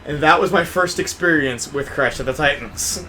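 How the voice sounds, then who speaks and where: A young man telling a story in casual chat, animated and profane, swinging from low mutters to loud outbursts. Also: normal speed, music in the background. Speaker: podcast host.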